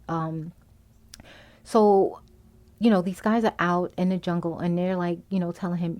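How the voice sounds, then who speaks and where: Podcast host, female, slightly low voice, loose and chatty, lots of "you know", acts out the characters' lines as she recaps the plot. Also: a little slow, pauses often. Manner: animated retelling, acting out the characters' lines. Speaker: podcast host reviewing a movie. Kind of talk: casual movie recap.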